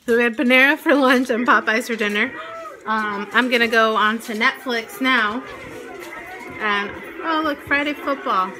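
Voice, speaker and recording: A woman in her twenties talking to the camera in a casual home vlog, excitable and quick to laugh. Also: fairly high pitch. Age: 20s. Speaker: vlogger. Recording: noisy home recording.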